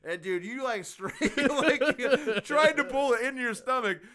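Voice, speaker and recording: A man co-hosting a casual podcast, telling a story in an animated, profane way with lots of laughter. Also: very high voice, measured pace. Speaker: podcast co-host.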